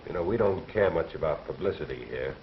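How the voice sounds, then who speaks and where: A curt, deep-voiced gambler. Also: male voice, animated, fast, slight background noise. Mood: terse. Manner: terse, clipped answers. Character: curt, surly male nightclub gambler. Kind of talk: 1930s film acting. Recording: dull, lo-fi old film soundtrack.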